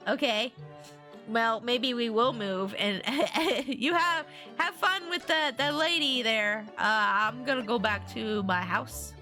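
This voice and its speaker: Chichocząca, żywa młoda streamerka. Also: female voice, fairly high pitch, takes it slowly, faint music behind. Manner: giggly, animated, chatty. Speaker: VTuber streamer. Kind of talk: casual game commentary.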